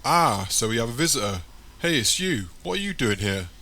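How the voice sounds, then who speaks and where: A man's voice: mid-range voice, sing-song, normal speed, sharp tone. A man voicing a male gang member who talks in a wry, teasing way.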